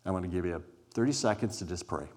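A man's voice: low-pitched, quick pace, darkish tone. A man giving a conversational, inviting sermon to a congregation as a guest preacher. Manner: conversational, inviting, acts out scripture scenes. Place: church hall before a live congregation.

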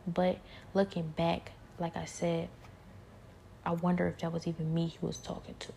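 A woman with a gravelly voice giving a hushed, rambling personal spiritual testimony, often dropping to a whisper. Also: on the low side, completely flat delivery, normal speed, slight background noise.

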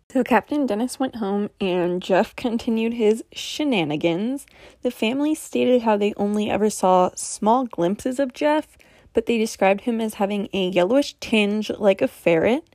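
Casual female storyteller, wry and doubtful, mid pitch, dry close sound. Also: a little mellow, no echo. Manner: skeptical, wry asides. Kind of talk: casual true-mystery storytelling.

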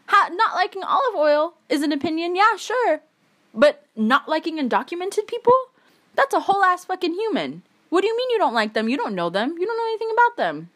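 A woman's voice: high voice, fairly bright tone. A young woman in a heated, emphatic monologue, swearing often as she rants. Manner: angry, swearing, emphatic ranting.

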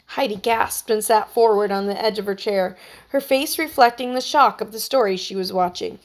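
A woman narrating a children's story with a steady, expressive reading. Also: mid-range voice, normal speed.

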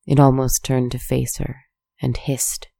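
This narrator reads a story in a soft, unhurried, measured manner, their gravelly, creaky voice keeping to a fairly steady pitch. It's miked up close and dry, and no room sound comes through.

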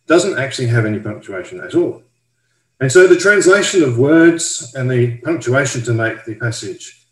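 A man's voice: on the low side, echoey room, low-quality recording. A man giving a careful, step-by-step Bible study explanation as a teacher.

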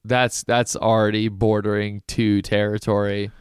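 A man co-hosting a casual podcast, animated and swearing freely as he rates odd old words. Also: on the low side, a little slow, clear, resonant tone, no room sound, clean studio sound. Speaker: podcast co-host. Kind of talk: casual chat.

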